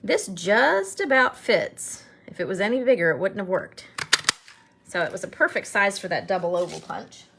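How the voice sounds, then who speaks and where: A woman's voice: mid-range voice, expressive, normal speed, vocal fry, noisy background. A middle-aged woman chatting her way through a card-making demonstration in her home craft studio, upbeat and joking as she works. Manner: chatty, upbeat, jokes while working. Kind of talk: casual craft tutorial narration.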